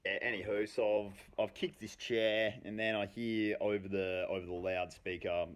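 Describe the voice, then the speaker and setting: A man telling a personal story casually, animated and full of swearing, with rambling asides. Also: sits low, moderate pace.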